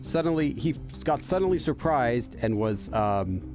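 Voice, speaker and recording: A man's voice: mid-range voice, animated, a little slow, music in the background. A man hosting a let's play, reading game text aloud and translating it line by line as he thinks aloud. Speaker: host of a game channel for Korean learners.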